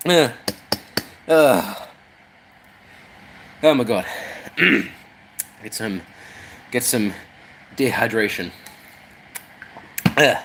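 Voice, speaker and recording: A man's voice: mid-range voice, expressive, drawn-out words, pauses often, a bit bright, a little hiss or hum. A man chatting casually while he works on a model, rambling and swearing as he jokes along. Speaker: model railway streamer.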